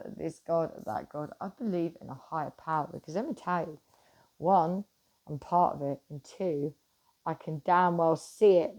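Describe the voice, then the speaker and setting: A middle-aged woman vlogger chats casually to camera in a low-sitting voice, animated and swearing freely. She swings from loud bursts to hushed asides.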